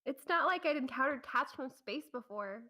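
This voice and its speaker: A woman's voice: high voice, lively intonation, normal speed, bright, forceful tone. A woman co-hosting a podcast, reading a story aloud in a casual way and breaking off to giggle and joke.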